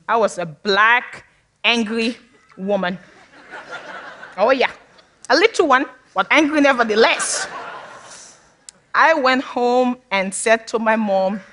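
This woman's voice is a little high and a bit bright. Originally from Sierra Leone, she is a public speaker sharing a personal talk with an audience, candid and funny, and she laughs frequently.

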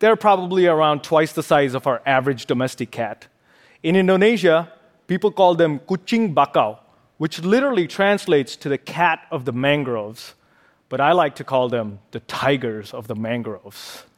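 Man, conservationist, live stage talk, playful puns, slightly high voice. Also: moderate pace.

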